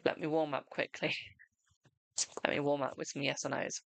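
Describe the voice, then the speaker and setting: A man's voice: a little high, flat delivery, normal speed, creaky, a bit bright, dry recording. A man hosting a live tarot reading stream, chatting casually with viewers and calling them darling and boo.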